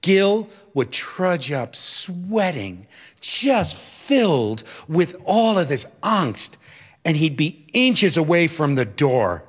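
Man, storyteller, former religious brother, expressive, slightly high voice, wide pitch swings. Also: slow. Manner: animated, expressive, swings from loud to hushed. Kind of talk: personal storytelling talk.

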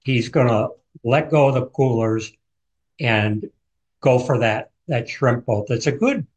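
A man speaking as an author on a radio interview. He retells events in a vivid, storytelling way at a middle pitch. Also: animated, a little slow, slightly rough.

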